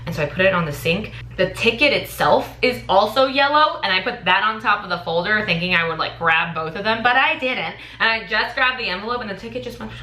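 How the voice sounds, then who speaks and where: A young American woman in her twenties vlogging, telling a story with animated, dramatic energy. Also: medium pitch, a little fast, few pauses. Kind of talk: casual storytime vlog. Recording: echoey room.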